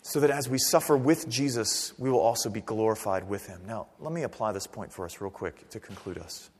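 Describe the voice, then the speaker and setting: A man preaching a sermon in a church, animated, swinging from near-shouts down to quiet, earnest tones. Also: brisk, breathy edge. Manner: animated preaching, rising to near-shouts then dropping low. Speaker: pastor. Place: church sanctuary. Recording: long reverb of a church hall.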